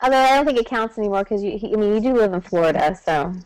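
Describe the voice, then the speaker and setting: A woman's voice: medium pitch, animated, quick pace, a little mellow, smooth, dry recording, poor audio. A woman who is a doctoral student and educator, chatting enthusiastically on a panel. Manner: enthusiastic, eager. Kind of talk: casual panel chat.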